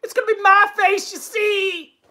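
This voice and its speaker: A man putting on a mocking impression of a ranting man, high, squealing and exaggerated. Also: little pitch movement, moderate pace, bright, forceful tone. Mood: whiny mocking. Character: shrill whiny mocking caricature of a ranting man.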